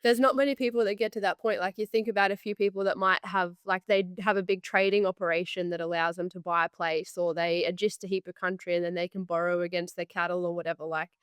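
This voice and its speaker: A woman's voice: lowish voice, steady tone, fast, few pauses, clean tone, no room sound, clean studio sound. A woman, co-hosting a podcast in direct, casual talk with swearing and many fillers. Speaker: podcast co-host.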